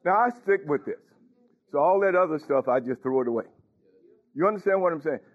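Lively preacher on a tinny line. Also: male voice, a little high, a little fast. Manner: conversational, questioning the congregation, chuckling. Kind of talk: sermon. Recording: tinny phone-like recording.

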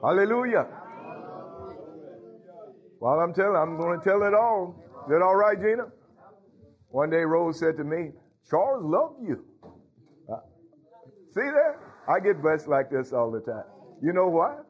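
A man's voice: a little high, expressive, moderate pace, long pauses, slightly rough, muffled recording. A man preaching as a pastor, calling out to his congregation with frequent hallelujahs. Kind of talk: sermon.

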